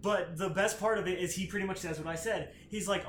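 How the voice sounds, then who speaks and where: A man with a high-pitched voice talks through a comic storyline in loose, profane chat and slips into quoted lines as he goes. The room around him sounds echoey, and a faint ambient hum sits underneath. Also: fairly even intonation, brisk, few pauses, fairly bright tone. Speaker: podcast host. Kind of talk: casual chat recapping comics.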